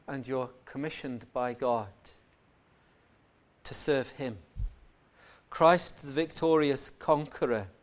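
A man with a medium-pitched voice preaches a sermon, posing rhetorical questions and shifting between loud, emphatic lines and quiet, reflective passages.

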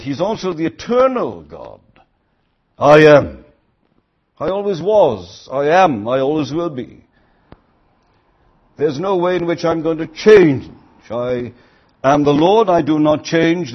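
A man's voice: on the high side, muffled recording. An older man preaching a sermon, earnest, rising to emphatic quoted lines.

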